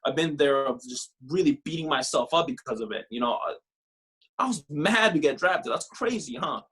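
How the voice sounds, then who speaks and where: A young man from Canada talks casually as a podcast guest, swearing freely and leaning on filler phrases. His voice sits a touch higher than most men's, and his delivery is animated. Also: normal speed, slightly rough. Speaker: podcast guest, former pro baseball player. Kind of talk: casual interview storytelling.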